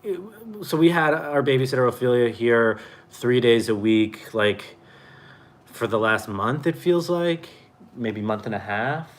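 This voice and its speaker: A man's voice: mid-range voice, expressive, measured pace. A man in his thirties co-hosting a home livestream, rambling and joking. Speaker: co-host, husband. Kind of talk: casual chat. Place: home, at a table.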